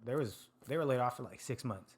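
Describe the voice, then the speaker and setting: Chill dude from sacramento, hawaii twang, just chatting loose, cusses a bit. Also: male voice, medium pitch, expressive, fairly quick. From Sacramento, California. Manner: laid-back, laughs often, swears casually. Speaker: podcast guest, food truck owner. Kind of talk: casual chat.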